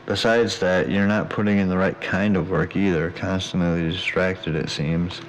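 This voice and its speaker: A man's voice: deep voice, fairly even intonation, moderate pace, slight background noise, natural voice, poor audio. A man reading an audiobook, voicing a stern, straightforward workplace manager.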